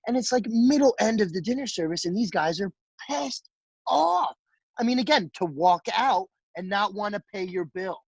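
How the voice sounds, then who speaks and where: A man, a restaurant chef telling an animated, profane story as a guest in casual talk. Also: sits high, normal speed, slightly rough, no echo, low-quality recording. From New Jersey. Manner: animated, profane, acts out quotes.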